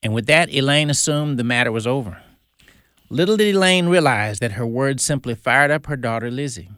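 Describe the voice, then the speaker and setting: A man's voice: medium pitch, animated, fairly quick, a bit bright, dry recording, clean studio sound. A man hosting a Christian radio show, telling a story in an earnest, folksy way.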